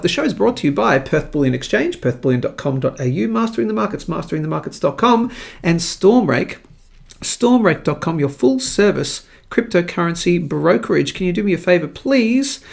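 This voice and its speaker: A man's voice: sits high, vocal fry. A man with an Australian accent hosting a live market show, chatting in an upbeat, jokey way. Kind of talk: casual live-stream commentary.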